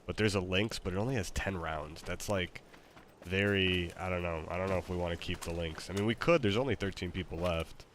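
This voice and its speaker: Male gamer, very low voice, hesitant casual chat, faint noise behind. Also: a little fast, a bit bright. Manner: hesitant, stammering, laid-back. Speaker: gamer streaming a match.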